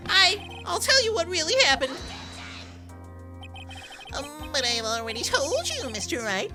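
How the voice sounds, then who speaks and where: A man voicing an anguished young male defendant, halting and pleading. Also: very high voice, sing-song, loud music behind the voice, voice pushed up, full character voice.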